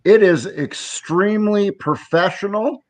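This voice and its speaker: A man co-hosting a casual live stream chat, animated and quick to laugh. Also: high voice.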